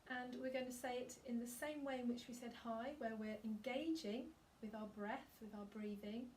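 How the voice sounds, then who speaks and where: A woman singing teacher gently guiding a breathing and vocal warm-up, giving calm, encouraging instructions. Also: a little high, normal speed, recorded from a distance, slight background noise.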